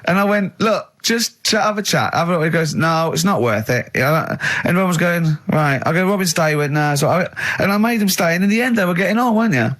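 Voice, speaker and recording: A man hosting a studio radio show, retelling an awkward night out with lively, animated delivery and frequent laughter. His voice sits a bit high for a man, and he slips into quick impressions of his friends. Recorded close on a studio mic. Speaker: radio host. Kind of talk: casual radio banter.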